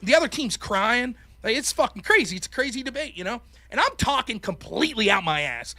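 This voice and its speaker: A high-pitched man with a bright, tense voice and a dry, close sound. He is middle-aged, from Pennsylvania, and hosts a call-in show. His storytelling is profane and animated, and he acts out each quote. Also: a little fast, dry recording. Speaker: host.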